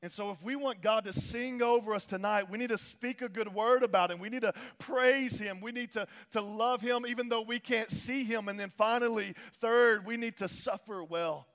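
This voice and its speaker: A man's voice: high voice, normal speed, hardly any pauses, a bit bright, in a large hall. A male pastor preaching a sermon in a casual, slangy way, repeating phrases for emphasis.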